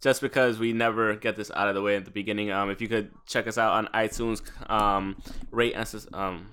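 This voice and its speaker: A man's voice: fairly low pitch, steady tone, brisk, bright, forceful tone, a little hiss or hum. A man co-hosting a casual podcast at home, talking in a rambling, laid-back way with lots of ums. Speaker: podcast co-host. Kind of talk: casual chat. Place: apartment in the Bronx.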